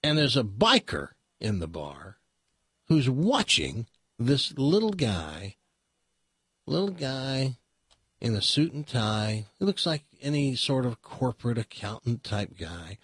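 A man's voice: mid-range voice, sing-song, takes it slowly, fairly bright tone, breathy edge, dry recording. A man hosting a radio talk show, chatting wryly and telling jokes in the studio. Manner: wry, storytelling.

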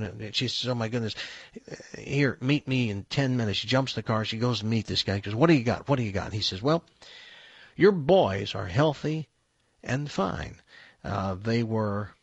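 A man hosting a radio talk show, telling a long joke and dropping his voice quietly for the punchline. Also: husky, dry recording. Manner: storytelling, drops low and quiet for punchlines. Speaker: radio morning show host.

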